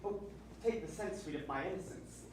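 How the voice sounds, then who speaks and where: Brief: teen actor as an earnest young lover, slightly high voice, echoey stage from far off. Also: male voice, normal speed, a little hiss or hum, natural voice. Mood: tender. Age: teens. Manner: earnest verse delivery, softening to intimate. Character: young lovestruck nobleman, ardent and earnest. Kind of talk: stage Shakespeare acting. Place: school theater stage. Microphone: distant room mic.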